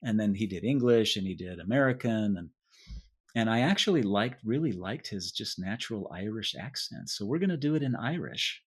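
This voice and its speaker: A man guesting in a relaxed interview, talking in a loose, rambling way with frequent restarts. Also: on the low side, moderate pace, breathy edge. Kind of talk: casual chat.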